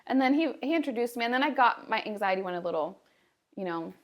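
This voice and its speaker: A young woman co-hosting a podcast, telling a story in a lively, casual way with many fillers. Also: on the high side, fast talker. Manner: animated storytelling with lots of fillers. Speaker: podcast co-host. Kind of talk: casual chat.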